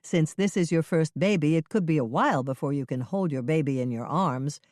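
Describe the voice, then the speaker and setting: Gentle older man, read by an audiobook narrator, calm and reassuring, dry close recording. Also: mid-range voice, a little fast, no echo, close to an everyday voice. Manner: gentle, soothing. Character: kindly older man caring for a stranger. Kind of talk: audiobook reading.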